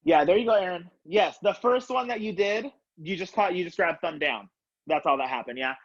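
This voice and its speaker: A young man with a fairly high voice leads a color guard class from his floor at home, counting beats out loud and coaching in a casual, upbeat way full of fillers. His voice comes through a laptop webcam on a video call, with dull, muffled lo-fi sound. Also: a little fast. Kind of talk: live online class instruction.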